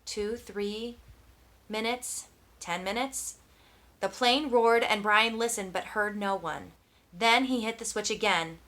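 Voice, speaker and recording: A woman's voice: mid-range voice, takes it slowly, a bit bright. A woman narrating an audiobook with tense, dramatic storytelling. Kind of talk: scripted narration.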